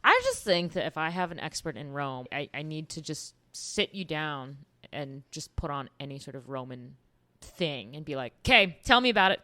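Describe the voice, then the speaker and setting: A woman's voice: deep voice, moderate pace, fairly bright tone. A woman hosting a podcast in casual conversation, chatty and often laughing. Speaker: podcast host. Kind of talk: casual chat.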